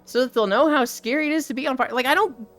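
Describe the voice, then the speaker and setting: A young woman streamer with a high-sitting voice talks fast over soft background music. Chatting casually and animatedly on stream, she swears freely as she rants about a game's story.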